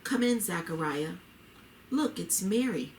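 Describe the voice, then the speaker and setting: A woman reading the lines of a tender, devout expectant wife in a story, gently and heartfelt. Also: on the low side, lively intonation, unhurried, a little hiss or hum. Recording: roomy echo.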